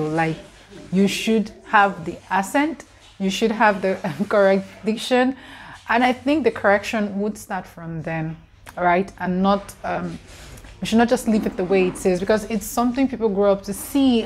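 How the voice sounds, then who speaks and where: A young Nigerian woman talks straight to camera in her Nigerian accent, earnest and questioning. Her voice sits at an ordinary middle pitch, and she fills pauses with ums as she builds her point. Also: darkish tone, a little hiss or hum. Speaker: vlogger. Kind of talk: casual talk to camera.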